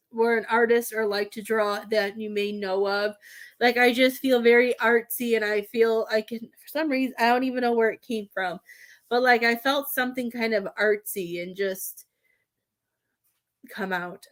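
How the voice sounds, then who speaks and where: Woman, psychic medium, somewhat high voice, halting and rambling live reading. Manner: halting, rambling with many restarts.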